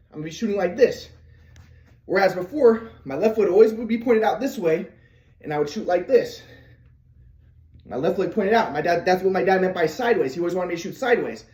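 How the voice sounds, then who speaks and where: A man's voice: sits high, darkish tone, reverberant. A man telling the story of his basketball shooting problems in a casual monologue, stammering and restarting as he acts out footwork and his father's words. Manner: demonstrates footwork while talking, acts out his father's lines.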